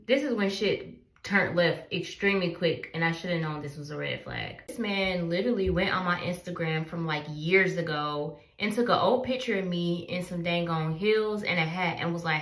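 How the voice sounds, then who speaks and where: A woman's voice: fairly low pitch, brisk, fairly bright tone, echoey room. A woman telling a casual story time, animatedly acting out the people she quotes. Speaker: storyteller in clip.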